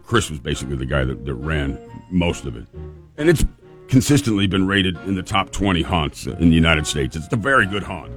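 A man's voice: sits low, sing-song, a little fast, fairly bright tone, soft background music. A man hosting a show, telling a funny story in a casual, chatty way with restarts. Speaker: podcast host.

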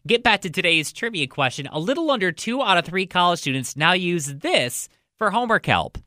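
A man's voice: high voice, sing-song, a little fast, bright, forceful tone, no room sound, clean studio sound. A man hosting a call-in radio show, talking conversationally and prompting callers for their views. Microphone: studio microphone.

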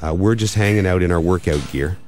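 A middle-aged man hosting a podcast, telling stories and reading ads in a relaxed, rambling way. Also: deep voice, a little fast, a little hiss or hum. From Canada. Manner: relaxed, rambling storyteller who reads ads conversationally. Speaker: podcast host. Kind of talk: casual chat.

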